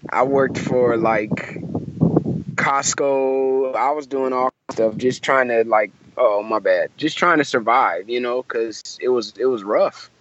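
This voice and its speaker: A man's voice: mid-range voice, slow pace, fairly bright tone, dull audio, a little hiss or hum. A young man from Michigan, a musician guest, telling a story in a casual interview, acting out the voices of the people in it and using lots of fillers. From Michigan, USA.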